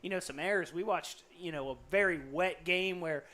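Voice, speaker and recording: A man co-hosting a sports podcast, rambling quickly with many fillers. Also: sits high, crowd noise. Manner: fast, rambling, lots of "like" and "you know". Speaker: podcast co-host. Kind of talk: casual podcast chat.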